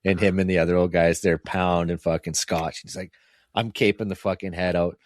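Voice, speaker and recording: A man's voice: sits low, level tone, moderate pace, dry recording. A man hosting a hunting podcast, telling guiding stories in casual chat, swearing often and acting out his clients. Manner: profane, laughing, acts out client voices. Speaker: podcast host, hunting guide.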